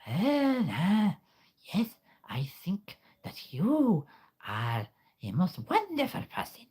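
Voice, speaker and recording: A man voicing a flattering, sneaky spider in a raspy, loud whisper as whispered role-play. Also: slow pace, exaggerated voice. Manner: loud whisper, slightly high.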